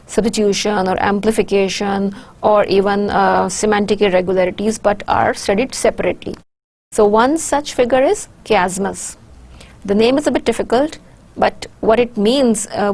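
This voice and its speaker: A woman with a Pakistani English accent giving a recorded university lecture, speaking in a measured way with frequent "uh" pauses as she explains terms. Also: medium pitch, darkish tone.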